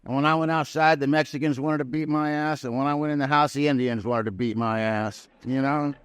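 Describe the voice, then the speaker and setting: A man's voice: medium pitch, steady tone, a little fast, clear, resonant tone, no echo. Folksy man telling his recovery story. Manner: folksy, plain-spoken storytelling with Southern-style grammar. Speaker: recovery convention speaker. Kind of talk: personal recovery story told to a live audience. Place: prison hall.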